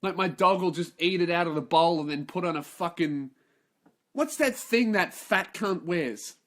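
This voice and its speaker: A man's voice: high-pitched, moderate pace. A young man hosting a podcast, delivering a comedic rant full of swearing and exaggerated outrage. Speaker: podcast host.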